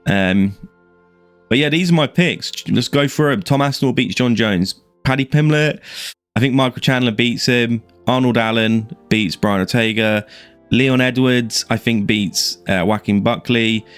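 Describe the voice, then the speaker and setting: A man's voice: mid-range voice, measured pace, clean tone, dry recording, faint music behind. An Irishman giving casual, rambling fight predictions on his YouTube channel, with plenty of fillers and restarts. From Ireland. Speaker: MMA YouTuber.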